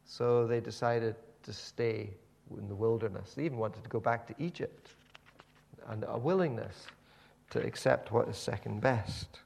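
A man's voice: mid-range voice, normal speed, gravelly, darkish tone, slightly rough. A man preaching a sermon, telling the story animatedly with many repeated words and restarts.

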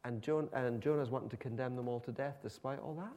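A man's voice: medium pitch, fast, a little mellow. A man preaching a sermon in a conversational, emphatic storytelling manner.

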